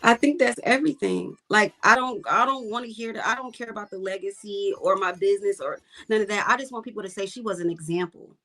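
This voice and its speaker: A woman's voice: mid-range voice, fast talker, few pauses, fairly bright tone, faint music behind. A woman guest, a commercial fisherwoman, talking bluntly and emphatically in a casual interview and repeating her points for weight.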